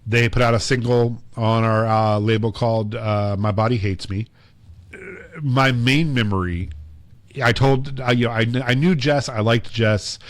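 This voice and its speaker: A man's voice: mid-range voice, fairly even intonation, measured pace, dry recording. A man co-hosting a podcast, telling long casual stories with lots of fillers and acted-out quotes. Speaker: podcast co-host. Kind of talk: casual storytelling chat.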